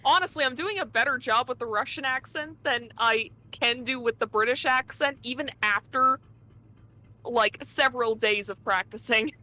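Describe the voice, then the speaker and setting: A woman's voice: on the high side, moderate pace, pushed and bright. A woman streamer chatting casually and joking, swearing freely between game lines. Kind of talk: casual chat while voicing a game.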